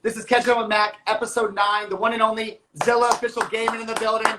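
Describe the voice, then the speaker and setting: A man's voice: sits high, monotone, fast talker, noisy background. A man hosting a casual podcast, chatting with his guest and jumping in eagerly. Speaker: podcast host.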